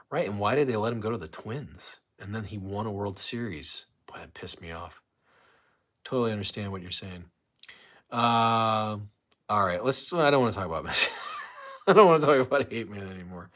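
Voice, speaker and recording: Low-voiced man rambling through a live stream. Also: sharp tone. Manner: rambling, reads chat comments aloud, frequent restarts. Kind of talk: casual live stream chat.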